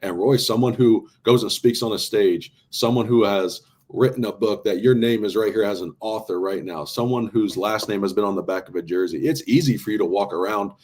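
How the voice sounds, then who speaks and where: A man's voice: fairly low pitch, brisk, few pauses, a little mellow. A man hosting a podcast, asking long, earnest interview questions. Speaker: podcast host.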